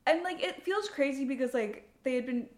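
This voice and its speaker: A woman's voice: high voice, lively intonation, fairly quick, reverberant. A woman co-hosting a casual movie review podcast, blunt and opinionated, with lots of "like" in her speech. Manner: blunt, opinionated, says "like" often. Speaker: podcast co-host.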